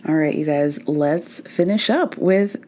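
A woman's voice: low-pitched, a little slow, a little mellow. A woman hosting a podcast, giving a casual, profane recap of reality TV and acting out what the cast said. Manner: chatty, profane, acts out quotes in changing voices. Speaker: podcast host. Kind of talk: casual pop culture recap.

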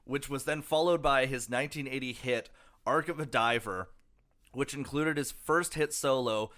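Man, podcast co-host, casual chat, mid pitch, profane, filler-heavy. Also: moderate pace, a bit bright. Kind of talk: casual chat, reading band history.

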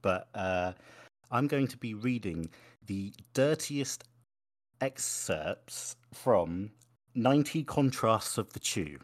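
A man's voice: lowish voice, expressive, slow pace. A man co-hosting a podcast, chatting casually in an awkward, hesitant, stalling way from a room in a house. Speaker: podcast co-host. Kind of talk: casual chat.

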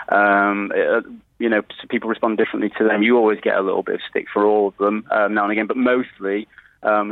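A man's voice: lowish voice, no room sound. A man being interviewed as a guest, friendly and hesitant with many fillers. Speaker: guest impressionist. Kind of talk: interview answers. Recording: tinny phone line.

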